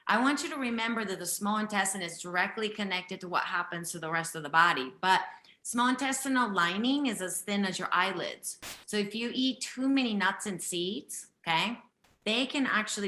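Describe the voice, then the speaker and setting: A Japanese woman whose first language is Japanese speaks English with a slight accent as she hosts a live one-on-one intuitive health reading with a participant. Her mid-range voice is fairly quick, pushed and bright, and the sound is reverberant. She talks directly and insistently, often checking in with "okay?".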